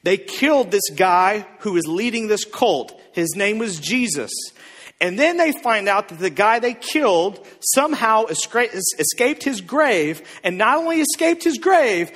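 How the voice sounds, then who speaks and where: A man preaching a sermon as pastor, telling the story in a joking, animated way with sudden shouts. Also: sits high, big-room sound.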